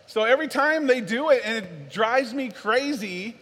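A man preaching a sermon, animated, swinging from low and earnest to loud and worked-up. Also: moderate pace, hardly any pauses. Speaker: pastor. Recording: long hall reverb.

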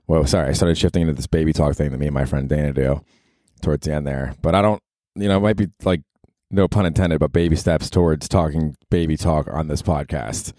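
A man's voice: a bass voice, steady tone, a little fast, dark tone, dry recording, clean studio sound. A man hosting his own podcast in a casual, rambling, profane and jokey monologue. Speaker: podcast host. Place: New York.

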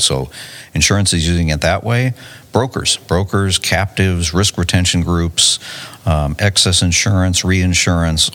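Very deep-voiced businessman, self-assured. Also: fairly bright tone. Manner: confident, fluent, many restarts and repeated words. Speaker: tech company CEO, guest. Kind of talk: conversational podcast interview. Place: conference venue.

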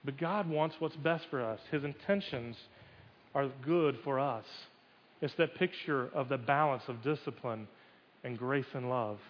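A man's voice: medium pitch, a little slow. A man preaching a conversational sermon as pastor, talking in a folksy way, asking the congregation rhetorical questions and repeating words as he goes. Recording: dull recording in a reverberant hall.

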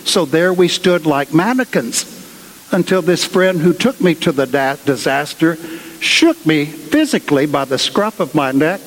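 A guest speaker preaches in a large cathedral, telling a story conversationally with plenty of asides, and long reverb fills the recording. His voice is a little high, with lively intonation and a slightly slow pace.

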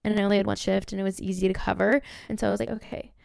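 Young woman podcast host, 19, bubbly storyteller, slight vocal fry, smooth close dry voice. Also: mid-range voice, rapid-fire, no room sound. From Southern California. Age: young adult, around 19. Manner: bubbly, excitable, heavy use of "like" and "literally". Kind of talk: casual storytelling monologue.

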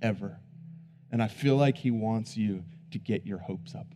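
A man preaching a sermon who swings between hushed, low emphasis and loud, emphatic bursts, repeating words as he builds each point. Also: moderate pace, a little hiss or hum.

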